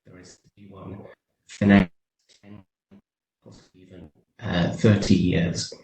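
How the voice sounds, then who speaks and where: A man giving formal, measured remarks as a panel speaker over a video call. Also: low-pitched, flat delivery, darkish tone. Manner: measured, explanatory. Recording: roomy echo, faint background noise.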